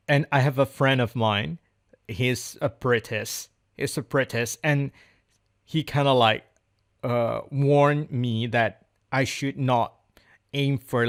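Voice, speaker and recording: A man speaking in an unscripted practice monologue, hesitant and searching for words, often repeating phrases as he goes. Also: medium pitch. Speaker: English learner recording speaking practice.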